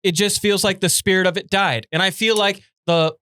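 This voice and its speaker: Playful high-voiced young man. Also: steady tone, fairly quick, pushed and bright, clean tone, no echo, studio quality. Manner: playful, laughs often, mock-indignant. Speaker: podcast co-host. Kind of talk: casual chat.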